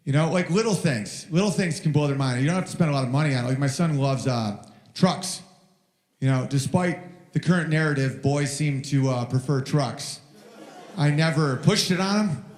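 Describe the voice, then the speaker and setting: A man in his thirties doing a rambling stand-up comedy set on stage, telling stories about his toddler and shouting the child's lines in a high voice. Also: normal speed. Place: live venue with audience. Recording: roomy live venue sound.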